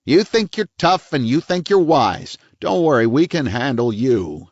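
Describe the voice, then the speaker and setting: A man's voice: medium pitch, big pitch swings, unhurried, no echo, dull audio, voice pushed up. A man voicing a hard, bullying small-town police chief who snaps his questions.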